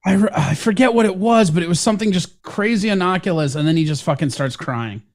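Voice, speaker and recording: A man's voice: high-pitched, expressive, brisk. Rambling, swearing male co-host. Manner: rambling, swears, laughs at his own stories. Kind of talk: casual radio show banter.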